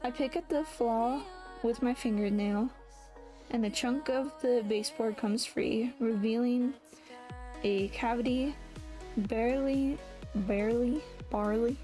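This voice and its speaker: A woman's voice: on the high side, warm tone. A woman reading a first-person novel aloud, often stopping to correct and restart her words. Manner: reads with frequent restarts and self-corrections. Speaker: audiobook reader.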